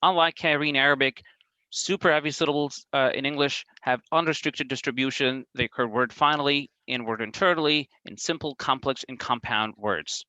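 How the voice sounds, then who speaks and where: A man giving a conference talk on linguistics, careful and measured, with frequent ums, uhs and restarts. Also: mid-range voice, pushed and bright, no echo, muffled recording. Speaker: academic presenter.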